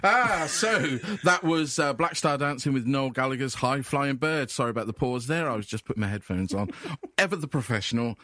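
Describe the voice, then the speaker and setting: A man hosting a comedy radio show, chatty and quick to laugh. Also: mid-range voice, sharp tone, dry recording. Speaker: radio host.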